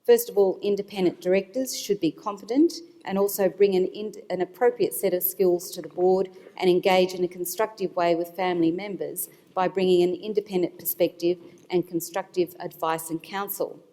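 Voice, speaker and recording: A woman panelist speaking as an institutional investor, explaining her points in a measured way with some fillers, at a conference. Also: fairly low pitch, fairly even intonation, dark tone. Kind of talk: panel discussion remarks. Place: conference hall. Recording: long hall reverb. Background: hall reverb.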